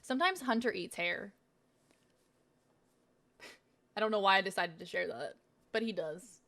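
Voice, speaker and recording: A woman's voice: medium pitch, expressive, unhurried, creaky, a bit bright. A woman streamer chatting casually while she tastes snacks on a live stream, self-mocking and swearing freely.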